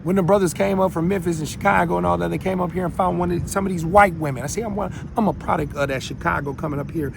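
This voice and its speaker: A man from Minnesota hosting his own show, ranting to viewers in a rambling, emphatic way that swings between loud and quiet. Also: high voice, quick pace, gravelly, hardly any pauses, noisy background. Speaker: show host. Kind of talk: unscripted rant to viewers.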